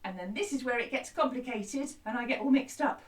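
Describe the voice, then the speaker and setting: A woman teaching a children's music lesson in a gentle, encouraging way, often breaking into song. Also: a little high, a little fast. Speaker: primary school music teacher. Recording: echoey room, distant mic.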